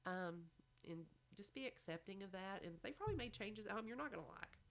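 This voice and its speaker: A woman's voice: medium pitch, expressive, brisk, a bit bright. A woman giving motherly advice in a chatty podcast conversation, often saying "you know". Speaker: podcast guest. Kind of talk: casual advice chat.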